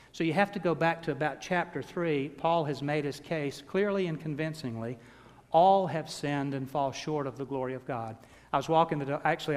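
A man, preaching a sermon in a church and telling a personal story with self-deprecating humor. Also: fairly high pitch. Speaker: pastor. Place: church sanctuary. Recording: long reverb of a large hall.

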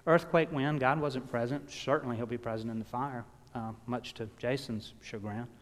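A man delivering a sermon, telling stories and swinging from loud emphasis down to hushed words. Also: medium pitch, steady tone, normal speed. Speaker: pastor. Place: church. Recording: long reverb of a church hall.

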